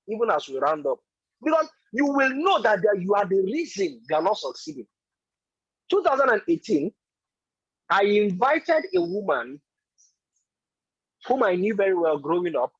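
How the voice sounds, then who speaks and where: A man's voice: high-pitched, husky, no echo, muffled recording. A man giving an emphatic, repetitive motivational talk as a business coach in an online meeting.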